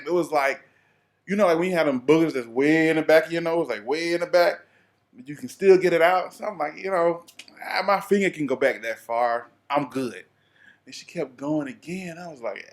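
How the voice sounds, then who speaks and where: A young man from the American South with an Atlanta accent, telling a comic story in an animated, playful way with plenty of exaggeration. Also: fairly high pitch, fairly quick. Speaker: vlogger.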